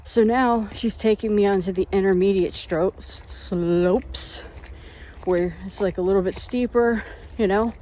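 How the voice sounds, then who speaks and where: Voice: mid-range voice, fairly even intonation, measured pace, mellow, a little hiss or hum. A vlogger telling rambling, self-mocking stories while out on a walk. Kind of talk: casual storytelling on a walk. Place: outdoors, walking.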